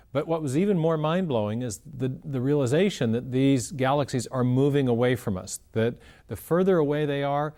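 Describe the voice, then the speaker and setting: A man's voice: mid-range voice, darkish tone. A man in an interview, explaining ideas step by step in an earnest, conversational way. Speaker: interview guest explaining science.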